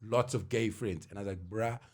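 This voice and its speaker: A man co-hosting a podcast in casual chat, telling personal stories in a lively way and laughing often. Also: on the low side, a little fast, husky. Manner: animated storyteller, laughs often. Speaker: podcast co-host.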